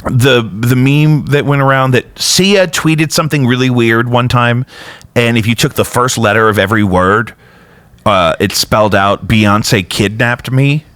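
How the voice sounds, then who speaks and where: A man's voice: a little slow, a bit bright, clear, resonant tone, no echo. A man hosting a casual podcast, rambling through stories with jokey asides. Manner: rambling, jokey, prone to sudden high-pitched bits. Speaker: podcast host. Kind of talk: casual chat.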